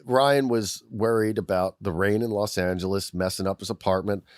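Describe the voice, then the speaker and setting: Low-voiced man joking on a podcast. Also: fairly even intonation, moderate pace, no room sound, clean studio sound. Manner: jokey, self-deprecating banter. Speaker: podcast co-host. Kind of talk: casual chat.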